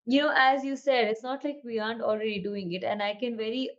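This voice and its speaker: Woman, podcast co-host, earnest, higher voice, lo-fi remote recording. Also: fairly even intonation, fast, few pauses. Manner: earnest, mixes Hindi words into English. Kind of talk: casual chat.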